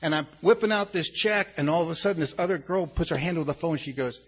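A man's voice: a little high, fast, few pauses. An older man speaking at a recovery meeting, telling a frank, rambling personal story with many restarts. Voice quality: gravelly. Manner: frank and earnest, with blunt curses. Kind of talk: personal testimony to a group.

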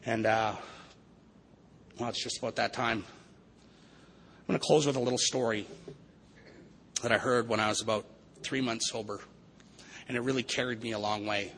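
Brief: a man with a bright voice giving an earnest, evangelical-style recovery talk. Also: mid-range voice, fairly even intonation, normal speed, long pauses, slight background noise, rough recording. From Vancouver area, Canada. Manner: earnest, preacherly, repetitive. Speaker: recovery meeting speaker. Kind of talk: recovery testimony speech.

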